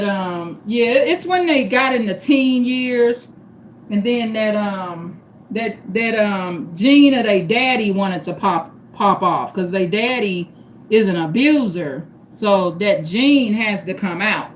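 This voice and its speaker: A woman's voice: medium pitch, lively intonation, slow, slight background noise. A middle-aged woman, hosting a livestream in blunt, profane casual talk that keeps calling her viewers y'all. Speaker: livestream host.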